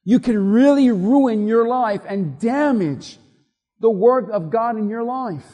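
A man's voice: very high-pitched, slow pace, warm tone. A man preaching a sermon with emphatic, repetitive delivery, asking the congregation to repeat after him. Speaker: pastor. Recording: long reverb of a large hall.

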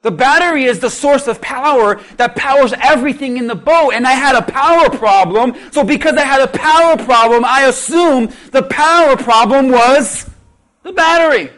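A man preaching a sermon, telling a lively personal story and asking the congregation questions. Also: extremely high pitch, moderate pace. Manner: animated storytelling with audience questions.

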